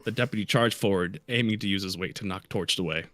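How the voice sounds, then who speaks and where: A man, a guest reader, reading a fan roleplay aloud in a steady way. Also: deep voice, quick pace, dry recording. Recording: faint music behind.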